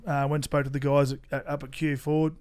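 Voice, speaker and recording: A man's voice: a little high, level tone, quick pace, darkish tone, clear, resonant tone. An Australian man telling stories in casual chat, rambling with restarts and swearing. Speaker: podcast guest.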